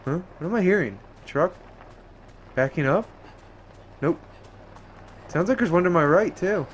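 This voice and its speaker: A man giving profane, excitable running commentary while playing a game, often yelping and exclaiming. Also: sits high, measured pace, a little hiss or hum. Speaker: gameplay streamer. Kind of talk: let's play commentary.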